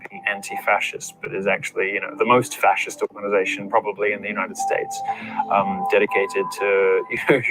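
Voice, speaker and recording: A man answering interview questions haltingly, with many fillers and repeated words. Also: lowish voice, low-quality recording.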